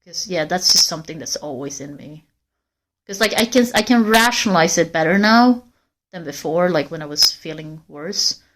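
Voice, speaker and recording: A woman's voice: lowish voice, expressive, normal speed, fairly bright tone. A woman livestreamer walking in a forest, talking candidly and rambling straight to her viewers in casual chat. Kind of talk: casual live-stream chat.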